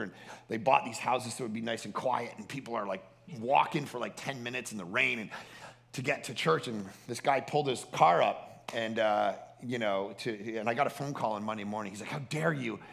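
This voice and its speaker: A man's voice: medium pitch, brisk, creaky, fairly bright tone. A man preaching a sermon at a family camp, telling stories animatedly and acting out the people he quotes. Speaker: pastor.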